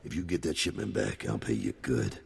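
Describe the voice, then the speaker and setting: A gravelly gang boss. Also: male voice, animated, fairly quick, long reverb tail, full character voice. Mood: gruff. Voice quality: deep gravelly voice. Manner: blunt, streetwise, businesslike. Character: gruff middle-aged male gang boss, worried father. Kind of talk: video game dialogue.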